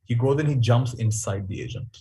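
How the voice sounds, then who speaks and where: Husky guy talking in a webinar, telling stories, pretty animated. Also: medium pitch, a little fast. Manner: storytelling, animated and reflective. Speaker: workshop speaker. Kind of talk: webinar talk.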